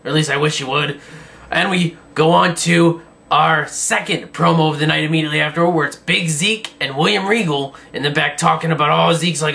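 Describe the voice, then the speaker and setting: Sarcastic creaky-voiced young man reviewing. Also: a little high, fairly quick, sharp tone. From Virginia. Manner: sarcastic, rambling, jokey. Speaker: wrestling show reviewer. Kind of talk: casual video review.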